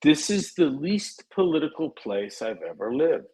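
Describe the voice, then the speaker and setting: A man's voice: fairly high pitch, big pitch swings, normal speed, a little mellow, breathy edge, poor audio. A man chatting as a podcast guest, blunt and plainspoken with frequent profanity. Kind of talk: casual chat.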